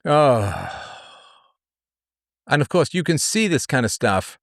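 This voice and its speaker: A man's voice: fairly high pitch, big pitch swings, brisk, no echo, studio quality. A man hosting a livestream monologue, reading statistics and repeating his phrases for emphasis. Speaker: livestream host. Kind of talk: commentary monologue.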